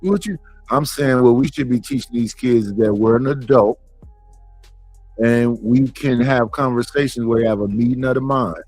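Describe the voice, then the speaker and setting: A man hosting a casual commentary show, blunt and animated, acting out quoted arguments. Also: mid-range voice, normal speed, faint music behind, low-quality recording.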